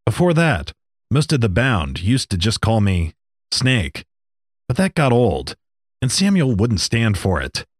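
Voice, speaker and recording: A man voicing an old talking desert snake, calm and matter-of-fact with dry jokes. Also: fairly low pitch, unhurried, husky, dry recording, heavily acted. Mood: wry. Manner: matter-of-fact, dryly joking.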